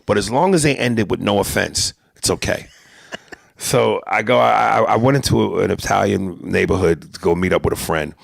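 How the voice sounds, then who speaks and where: A man hosting a podcast, riffing in a casual, animated, profane comedic chat. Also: fairly low pitch, fairly quick, vocal fry, no room sound, studio quality.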